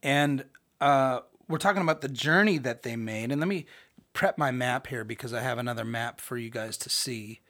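A Bible teacher leading a recorded study session, animated and folksy, who often checks in with listeners by asking "right?". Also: medium pitch, moderate pace. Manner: animated, acts out scripture characters, folksy slang.

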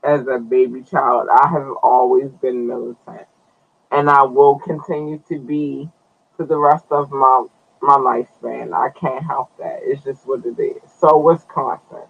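A man's voice: mid-range voice, steady tone, a little slow, gravelly, slightly rough, phone-quality sound. A man hosting a podcast, chatting loosely to his viewers, cursing and drawing out his words. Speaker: podcast host. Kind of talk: casual live-stream news commentary.

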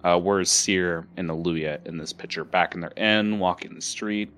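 A man with a low voice runs a tabletop game. His narration is loose and rambling, and he laughs often. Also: fairly even intonation, moderate pace, a bit bright. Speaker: game master.

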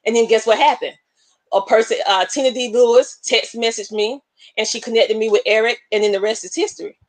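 Animated emotional woman hosting a live show. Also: on the high side, a little fast, no echo. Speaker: show host. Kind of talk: live online show chat.

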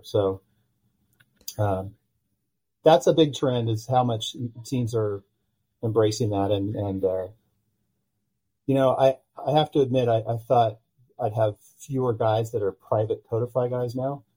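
A man guests on a casual podcast, his voice dark and mellow with a husky edge. He tells stories with animation and slips into the voices of the people he quotes. His pitch sits in the middle range for a man. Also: measured pace, rough recording. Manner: animated storyteller who acts out quoted dialogue. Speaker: podcast guest, pitching analytics company founder.

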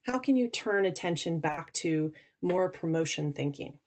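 A woman's voice: on the low side, expressive, normal speed, darkish tone. A woman guest on a podcast, explaining earnestly how investors judge founders, often restarting her sentences. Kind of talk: podcast interview answers.

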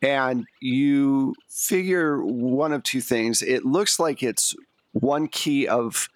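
Guy running a tabletop game, middle pitch, dry close sound, calm narrating. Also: dry recording. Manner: measured storytelling narration. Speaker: game master.

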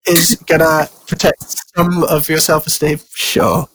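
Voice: mid-range voice, fairly even intonation, measured pace, a bit bright, a little hiss or hum. A host chatting casually and playfully teasing the guest. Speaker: podcast host. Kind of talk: casual comedic chat.

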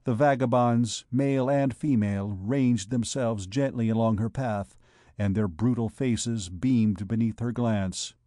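A male audiobook narrator reading a classic novel in a slow, measured, formal way. His voice sits at an ordinary pitch. The recording is close and dry, with no room sound. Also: mellow, no echo.

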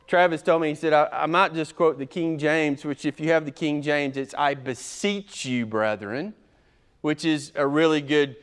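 Guy preaching a sermon, kinda high voice, really smooth, hammers each point slow and careful. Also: level tone. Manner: emphatic, methodical preaching with sharp swings in loudness. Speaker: pastor. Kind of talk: expository sermon.

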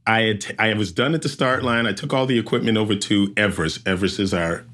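Man telling a lively story. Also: fairly low pitch, fast talker. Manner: lively storyteller who acts out sounds and voices. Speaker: obstacle race emcee. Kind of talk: animated storytelling.

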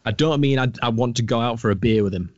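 A man's voice: medium pitch, quick pace, dry recording. A man co-hosting a podcast, chatting casually in a teasing, joking, sweary way. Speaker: podcast co-host. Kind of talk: casual chat. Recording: dull dry lo-fi audio.

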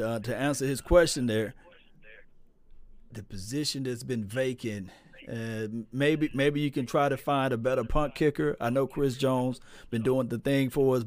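A man hosting a casual sports call-in podcast, laid-back and laughing often, and loud and animated when he jokes. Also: medium pitch, normal speed. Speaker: podcast host.

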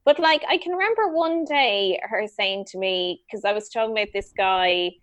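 A woman co-hosting a podcast, chatting in a lively, teasing way and jumping in quickly. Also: medium pitch, dry recording. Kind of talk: casual chat.

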